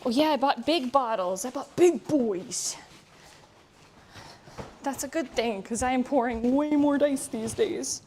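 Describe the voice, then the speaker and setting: A woman's voice: sits high, a little slow, a little mellow, a little hiss or hum, low-quality recording. Bubbly, chatty woman streaming from home. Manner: bubbly, chatty, swears casually, playful. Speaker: streamer and voice actress. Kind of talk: casual live-stream chat. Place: home, in a pouring tent and around the house. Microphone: wireless mic on a receiver.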